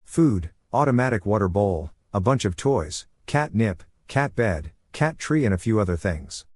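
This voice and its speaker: A man narrates a first-person story in a low, steady voice. His delivery is even and measured. The sound is dry and close, with no room around it. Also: dry recording. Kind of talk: reading a Reddit story aloud.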